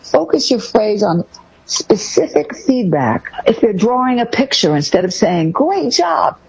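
A woman co-hosting a talk show, giving casual parenting advice in a lively way, acting out what parents say to their kids. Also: unhurried, breathy edge, dull audio. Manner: lively, acts out parent phrases in a higher voice. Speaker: parenting podcast co-host.

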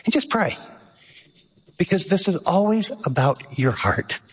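A man's voice: sits high, expressive, measured pace, long pauses, breathy edge, in a large hall. A man preaching a sermon as pastor, earnest and emphatic, who often asks rhetorical questions.

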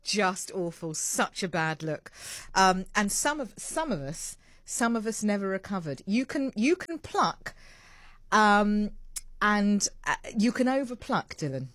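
A woman's voice: medium pitch, sing-song, unhurried, a bit bright, dry recording. A middle-aged British woman hosting a breakfast radio show, chatty and self-deprecating, laughing and restarting often. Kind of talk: casual chat interview. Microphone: studio mic.

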